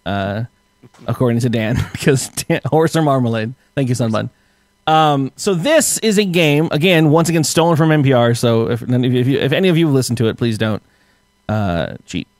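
Man, podcast host, laughs a lot, joking, lively pitch, dry close sound. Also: normal speed, no echo. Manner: laughing often, loose and joking, with repeated restarts. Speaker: podcast host running a quiz game. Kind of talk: casual chat.

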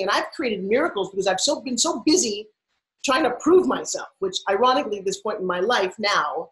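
A woman's voice: mid-range voice, animated, fairly quick, a bit bright, low-quality recording. A middle-aged woman from New York, a podcast guest telling her life story with punchy emphasis. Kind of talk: storytelling interview.

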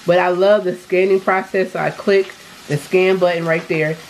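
A woman's voice: on the low side, fairly even intonation, normal speed, a little hiss or hum, low-quality recording. Chatty woman vlogging from her kitchen. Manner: chatty and upbeat, addresses viewers as y'all. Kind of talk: casual vlog chat. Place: home kitchen.

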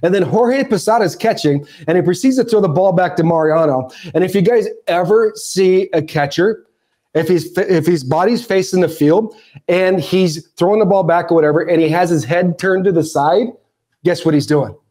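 High-voiced man telling a lively story. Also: normal speed. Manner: animated, acts out shouts and quoted lines. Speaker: podcast guest, former ballplayer. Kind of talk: storytelling interview.

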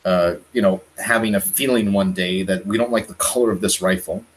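A man from Canada talking in a casual prepping chat, animated and emphatic, often repeating words. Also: low voice, brisk, low-quality recording. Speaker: guest on a prepping livestream.

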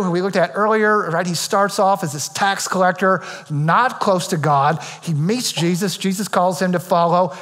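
High-voiced joking pastor in a hall. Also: male voice, fairly bright tone. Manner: conversational and joking, keeps asking "right?". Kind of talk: sermon. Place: church auditorium. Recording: echoey church hall reverb.

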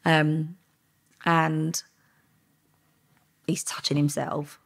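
A low-pitched woman with a gravelly, husky voice tells her story in an interview. She talks bluntly and candidly, a former undercover officer with frank language. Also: flat delivery, drawn-out words.

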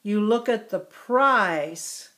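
A woman teaching young children, asking questions about a story and praising their answers in a slow, encouraging way. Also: medium pitch, expressive, a bit bright. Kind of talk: story comprehension lesson for children.

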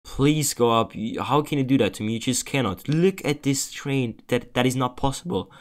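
A man's voice: mid-range voice, normal speed. A young man giving casual commentary over a betting game, agitated, swearing and pleading over and over. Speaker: gaming streamer.

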